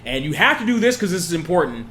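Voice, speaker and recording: A man's voice: fairly high pitch, sing-song, fast talker, pushed and bright, slight background noise. A man co-hosting a podcast who lays out reasoned counterpoints in a casual debate. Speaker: podcast co-host.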